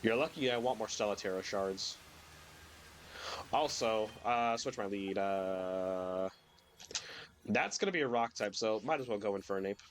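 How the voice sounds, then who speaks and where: A man's voice: on the low side, a little slow, pauses often, a little hiss or hum. A young man streaming a video game while sick, rambling casually with lots of fillers and the odd swear, his voice cracking at times. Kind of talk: casual gameplay commentary.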